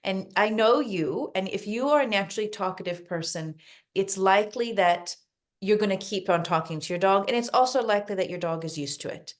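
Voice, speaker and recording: A woman talking as a dog behavior expert guest on a podcast, calm and explanatory, often repeating words for emphasis. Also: medium pitch, fairly quick. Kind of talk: podcast interview advice.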